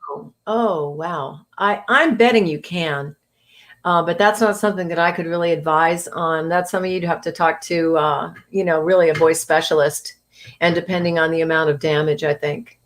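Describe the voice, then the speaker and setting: A woman from New England talking as a voice actor guest in a casual interview, chatty and animated, laughing often. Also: low voice, moderate pace.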